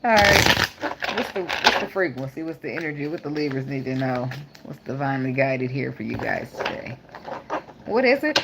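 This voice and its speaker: Low-voiced blunt woman tarot reader. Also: normal speed, vocal fry, heavy background noise. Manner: blunt, profane and joking. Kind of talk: casual tarot reading.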